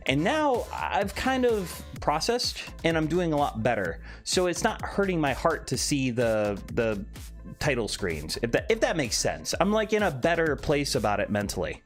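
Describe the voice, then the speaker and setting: A man's voice: fairly high pitch, normal speed. A man streaming live, chatting casually and playfully while reading out and answering his chat. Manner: animated, reads chat aloud and answers playfully. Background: faint background music.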